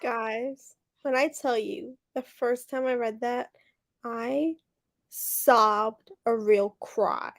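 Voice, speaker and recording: A young woman guesting on a book chat livestream, retelling her reactions in a dramatic, expressive way. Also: fairly high pitch, extremely slow.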